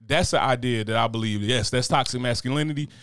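A middle-aged man talking quickly and loosely in a casual chat. He tells his stories with energy and slips into the voices of the people he quotes. The sound is dry and close, with no room in it. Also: medium pitch, clean tone, dry recording. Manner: animated storytelling, acts out quoted voices.

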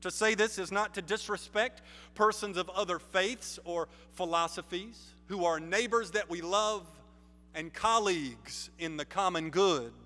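A man preaching a sermon in a measured, emphatic way, building stress on key phrases. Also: sits high, bright, forceful tone, faint music behind. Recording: long reverb of a large hall.

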